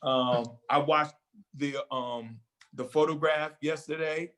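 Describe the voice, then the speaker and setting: A man's voice: fairly high pitch, steady tone, slow, fairly bright tone, poor audio. An older man in casual talk show conversation, speaking reflectively and hesitantly with many fillers.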